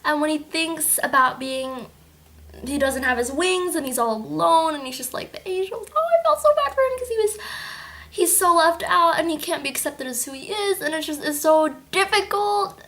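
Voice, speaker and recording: A woman chatting casually in a book review vlog, gushing and animated as she recaps the story. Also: high voice, moderate pace. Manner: animated, gushing, with acted-out quotes.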